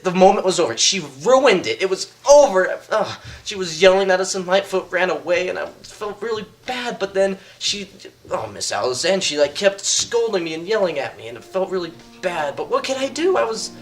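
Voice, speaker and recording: A student acting a teenage boy in a school video, telling a story in a rambling, halting way. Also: mid-range voice, very animated, faint music behind, close to an everyday voice. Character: teenage boy recalling a spoiled kiss.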